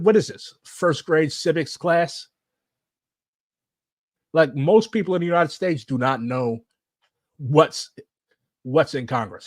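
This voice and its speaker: A man's voice: medium pitch, dry recording, clean studio sound. A man giving casual, blunt political commentary while reacting to clips, swearing and saying "like" a lot. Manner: blunt, animated, swears, fillers like "like".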